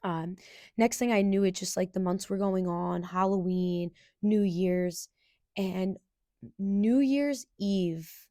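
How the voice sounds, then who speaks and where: A young woman hosting a podcast, telling a personal story in an earnest, halting way with restarts. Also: medium pitch, dark tone, no echo, studio quality. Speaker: podcast host.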